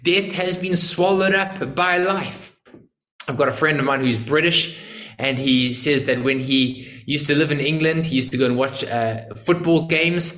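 A man's voice: mid-range voice, steady tone, normal speed, fairly bright tone. A male preacher giving an earnest sermon, explaining a passage and asking emphatic rhetorical questions. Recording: echoey room.

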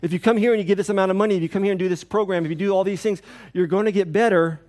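Man, pastor, church sermon, higher voice, earnest repeating cadence. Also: fairly even intonation, very fast, darkish tone. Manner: earnest, repetitive preaching cadence.

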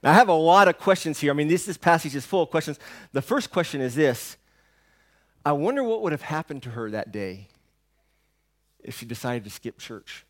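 A man preaches to his congregation in a somewhat high voice. He builds to loud emphatic lines, then sinks to near whispers. He keeps asking the listeners rhetorical questions as he goes. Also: animated, normal speed. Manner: dynamic preaching, swings between hushed and loud. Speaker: pastor. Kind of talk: sermon.

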